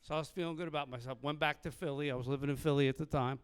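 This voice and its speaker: Brash high-voiced stand-up comic man. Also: steady tone, rapid-fire, smooth. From Philadelphia. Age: middle-aged. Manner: brash, profane, acts out dialogue in other voices. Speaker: stand-up comedian. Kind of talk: stand-up comedy set.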